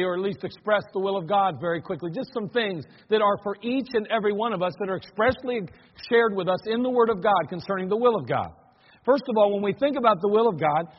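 A man with a high, slightly husky voice preaches a sermon in a church sanctuary. He talks in a loose, conversational way and then presses his points home with emphasis. The recording is dull and lo-fi, with a long reverb trailing each phrase. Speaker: pastor.

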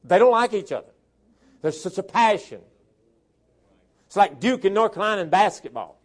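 A man from the South, preaching a sermon and reading scripture verses aloud, swelling loud on key words and dropping into folksy asides. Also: high voice, sing-song, moderate pace. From southern Tennessee and northern Alabama, US.

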